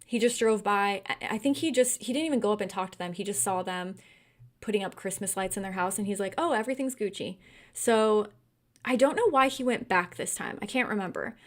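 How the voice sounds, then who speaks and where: A young woman from California hosting a casual livestream book discussion, animated and quick to laugh and get worked up. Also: medium pitch. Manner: animated, laughs often, gets heated and incredulous. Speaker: book club host.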